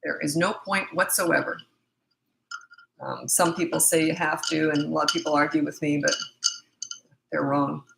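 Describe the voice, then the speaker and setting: A woman's voice: low-pitched, steady tone, moderate pace, creaky, long pauses, background noise. A middle-aged woman parenting coach answering viewer questions in a live Q&A, blunt, confident and emphatic. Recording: echoey room.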